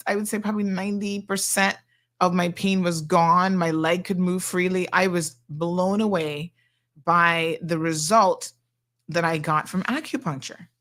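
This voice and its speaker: A middle-aged woman, hosting a talk show and telling a story in a chatty, animated way. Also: lowish voice, unhurried. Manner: chatty and animated, acting out quoted people. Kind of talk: casual storytelling monologue.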